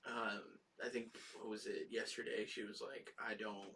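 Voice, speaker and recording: A man's voice: medium pitch, level tone, moderate pace, creaky, sharp tone, recorded from a distance, slight background noise. A man co-hosting a casual live talk show, telling family stories with laughs and casual swearing. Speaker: podcast co-host. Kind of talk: casual chat. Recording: voice from off the mic.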